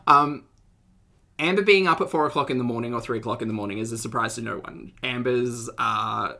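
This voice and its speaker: Her voice is extremely low, a little fast, with vocal fry and a pushed, bright quality. She's a young streamer reacting to videos, addressing her chat directly in a casual, giggly way, often trailing off into restarts.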